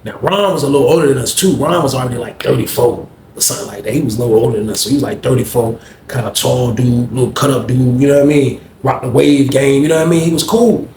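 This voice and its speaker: Slangy, animated male storyteller. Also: medium pitch, fast, hardly any pauses. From Norfolk, Virginia. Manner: slangy, animated, says "man" constantly. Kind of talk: casual storytelling. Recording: echoey room, faint noise.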